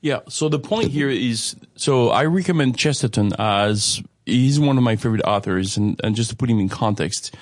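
A man's voice: mid-range voice, moderate pace, hardly any pauses, no room sound, studio quality. A man hosting a conversational religious discussion, rambling with many restarts and frequent rhetorical "right?" checks.

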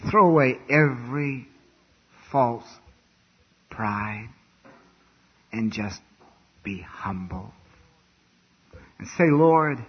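Male revival preacher, husky voice, mid pitch, fervent hushed-to-loud delivery, lo-fi tape. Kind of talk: revival sermon. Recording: dull lo-fi recording.

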